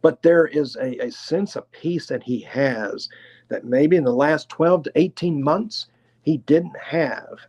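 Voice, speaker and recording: A man with a Tennessee accent doing a live clairvoyant reading, talking in an unhurried, chatty way and hedging his guesses. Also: a little high, darkish tone. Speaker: clairvoyant medium.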